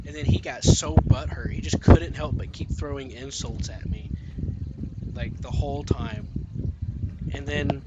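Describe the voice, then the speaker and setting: A young man in casual voice chat, telling a profane, exasperated story about a teammate in a game. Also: mid-range voice. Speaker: gamer. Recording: loud background noise.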